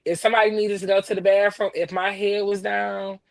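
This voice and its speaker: A woman talking as a podcast guest in casual conversation, halting and heartfelt, often repeating her words as she speaks. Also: medium pitch, level tone, gravelly. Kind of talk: casual conversation about grief.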